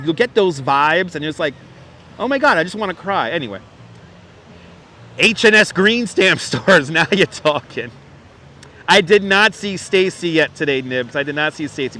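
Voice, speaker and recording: A man with a New York accent talks casually on a street live stream, reading viewer comments and repeating his phrases. His voice sits high and sounds bright and forward. Faint city noise hums behind him. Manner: chatty, reminiscing, laughs often, repeats phrases. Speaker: livestream host. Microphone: wireless clip-on mic.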